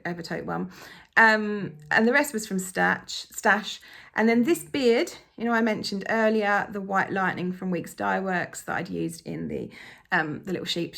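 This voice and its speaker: Gushing woman with vocal fry. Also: fairly low pitch, a bit bright. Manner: gushing and enthusiastic. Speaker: cross-stitch vlogger. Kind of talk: casual show-and-tell vlog.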